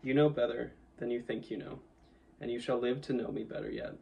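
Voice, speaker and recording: A man voicing a wise, commanding male lion who speaks in a solemn, measured way, with some distance from the mic. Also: mid-range voice, steady tone, creaky, warm tone, lightly acted.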